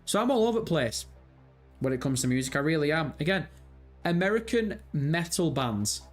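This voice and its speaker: A young man in his twenties with a Birmingham accent, chatting casually on a live stream, rambling and swearing freely as he reads out viewer comments. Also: fairly high pitch. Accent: Birmingham English. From England. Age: 20s. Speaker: livestream host.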